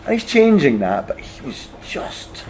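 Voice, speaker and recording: A man's voice: a little high, big pitch swings, unhurried, a little mellow. A man hosting a podcast interview, asking long, searching questions scattered with fillers. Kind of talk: casual conversation.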